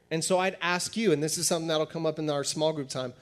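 A pastor giving a sermon in a conversational, animated style, acting out little dialogues as he teaches. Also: fairly high pitch, brisk, few pauses.

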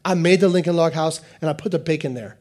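Male pastor, high voice, lively sermon delivery, acts out quotes. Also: quick pace. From United States. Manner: animated, repetitive preaching with acted-out quotes.

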